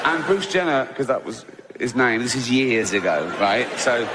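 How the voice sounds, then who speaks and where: A man's voice: medium pitch, lively intonation, moderate pace, heavy background noise. A man doing a stand-up routine, laughing through his lines and acting out the characters in his story. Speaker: stand-up comedian. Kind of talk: stand-up routine with acted-out voices.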